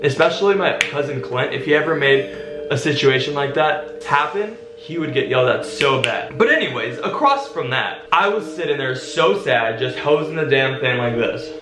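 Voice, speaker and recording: A young man in a casual storytime vlog, telling a story in an animated, dramatic way. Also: medium pitch, roomy sound. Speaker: vlogger.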